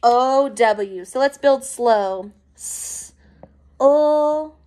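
A woman teacher giving a recorded phonics lesson to young children, encouraging and clear. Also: sits high, lively intonation. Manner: slow, clear, encouraging classroom pacing.

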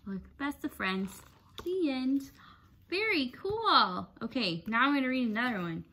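A teacher reading picture books aloud to children, animated and sing-song, chanting the sound words with them. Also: female voice, high-pitched, measured pace.

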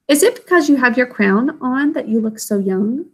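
A woman's voice: high voice, lively intonation, normal speed, slightly rough, exaggerated voice. A woman reading aloud, voicing an eager young princess who asks her grandmother questions. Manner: pleading, questioning.

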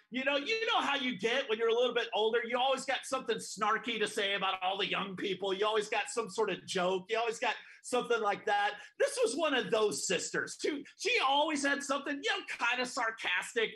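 Male preacher at a church service, high and bright-toned, animated storyteller with joking asides. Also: brisk, few pauses. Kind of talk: sermon with storytelling.

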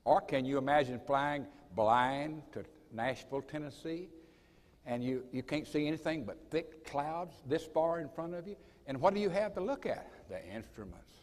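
A man's voice: fairly high pitch, animated, normal speed. Folksy man in an echoing hall. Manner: folksy, dramatic storyteller. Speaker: college president. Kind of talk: assembly speech with personal storytelling. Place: assembly hall. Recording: reverberant hall.

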